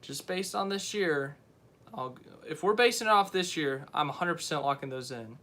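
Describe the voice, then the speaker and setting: A young man talks off the cuff on a live stream, rambling and unsure, often stopping to correct himself. His voice sits a bit high for a man and has a bright, forceful edge. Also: lively intonation, normal speed. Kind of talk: casual live stream chat.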